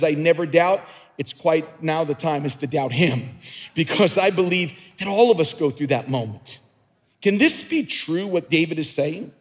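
A man's voice: a little high, breathy edge. A man preaching a sermon as a pastor, earnest and emphatic, often repeating words as he builds a point. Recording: long reverb of a large hall.

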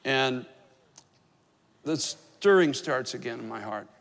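A man's voice: mid-range voice, expressive, slow pace, vocal fry. A man, probably in his fifties, preaching as a pastor, telling a personal story with conversational, self-deprecating humor. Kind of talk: sermon with storytelling. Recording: reverberant hall.

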